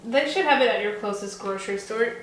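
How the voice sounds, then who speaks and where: A woman's voice: a little high, a little fast. A young woman, talking casually and joking at her own expense while she bakes at home. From Sweden. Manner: rambling, playful and self-mocking. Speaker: home baking vlogger. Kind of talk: casual chat while cooking. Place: home kitchen. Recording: roomy kitchen with background noise.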